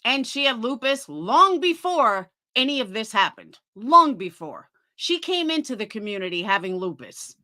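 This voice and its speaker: A woman's voice: on the high side, very animated, moderate pace, few pauses, pushed and bright, no echo, studio quality. A woman livestreaming, defending herself in an indignant, sarcastic tone while talking to her chat.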